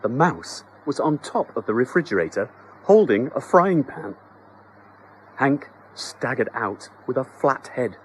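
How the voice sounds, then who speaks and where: A man narrating a children's story in a scripted, expressive, comic storytelling manner. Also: medium pitch, a little slow, a little hiss or hum, low-quality recording.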